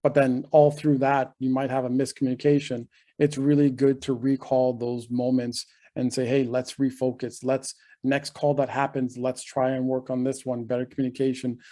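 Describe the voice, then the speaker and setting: A man hosting a podcast, asking measured follow-up questions with some fillers. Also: medium pitch, little pitch movement, mellow. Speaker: podcast host. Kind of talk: casual podcast interview.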